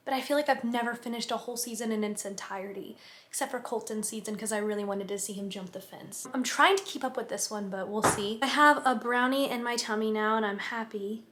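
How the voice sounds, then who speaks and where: A woman's voice: fairly high pitch, brisk, fairly bright tone, a little hiss or hum. A young woman in her twenties, a student, chatting casually to camera at home with lots of filler words and little laughs. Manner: chatty, many "like" fillers, giggly. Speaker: student vlogger. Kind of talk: casual vlog chat to camera. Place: home, kitchen and bedroom.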